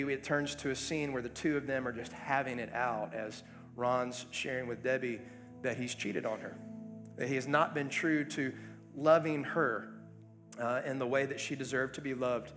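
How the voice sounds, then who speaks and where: A male pastor at a mid-range pitch, preaching in a relaxed, conversational way that often breaks into ums and uhs. Faint music plays softly behind his voice. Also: normal speed. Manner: earnest, conversational storytelling with frequent fillers. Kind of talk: sermon.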